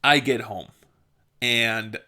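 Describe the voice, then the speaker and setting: Young male vlogger with a mid-range voice, casual and chatty, quick to laugh. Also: mid-range voice, fairly even intonation, bright, forceful tone. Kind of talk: casual storytelling monologue.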